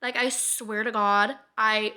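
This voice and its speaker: A young woman in her twenties talks straight to camera in a candid personal vlog, her voice bright and slightly high. She rambles through filler words and casual swearing, and her speed swings between quick and slow. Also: little pitch movement. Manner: rambling with many fillers and frequent laughs. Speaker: vlogger.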